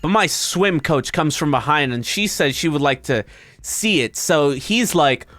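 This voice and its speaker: A male streamer reading an internet story aloud to his chat, breaking off into high, disbelieving comments. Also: measured pace, dry recording. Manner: animated, breaks into high-pitched disbelieving asides.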